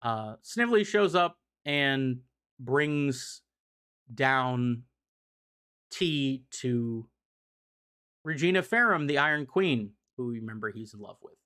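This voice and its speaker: A young man casually recaps comic-book issues for a livestream audience. His delivery rambles, with fillers and occasional swearing, in a mid-pitched everyday voice. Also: lively intonation, takes it slowly, long pauses, bright, forceful tone, smooth. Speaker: streamer explaining comics.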